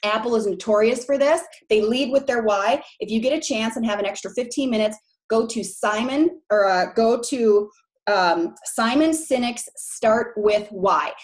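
With a Minnesota accent and drawn-out long O's, a Minneapolis woman in her forties presents live to real estate agents, frank and chatty and regularly checking in with them. Her voice sits slightly high.

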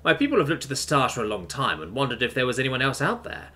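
Guy playing a friendly earnest ship captain, lively, bright voice. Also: medium pitch, quick pace, faint music behind. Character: friendly human male captain, earnest and apologetic.

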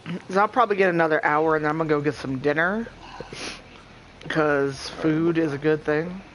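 A man chatting casually while streaming a co-op game, excitable, laughing often and swearing freely. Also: fairly high pitch, moderate pace, a little hiss or hum. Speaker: gameplay streamer. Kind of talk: casual co-op gameplay chat.

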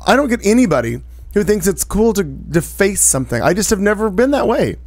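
A man on a podcast with a fairly high voice and a dry, close sound. He talks bluntly and indignantly, swearing in casual chat. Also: sing-song, brisk, a little mellow, dry recording. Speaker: podcast co-host.

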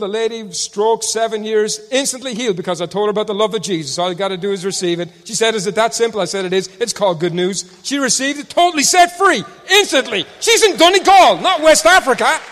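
A man preaching a testimony sermon, swinging between loud shouted proclamations and hushed storytelling. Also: sits high, quick pace, few pauses. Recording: long hall reverb.

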